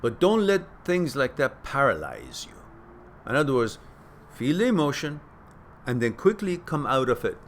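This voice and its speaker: A man hosts a live question-and-answer talk, answering viewers in a casual, plain-spoken way. His voice sits at an ordinary middle pitch but jumps higher and louder when he presses a point, and he often repeats words while he thinks. Faint background noise runs under the recording. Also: huge pitch swings, moderate pace.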